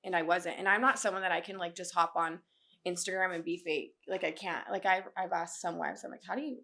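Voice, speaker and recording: A woman's voice: lowish voice, little pitch movement, a little fast, creaky, sharp tone. A young adult woman speaking candidly and with feeling as a guest in a casual podcast conversation, full of fillers. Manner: candid, emotional, many fillers.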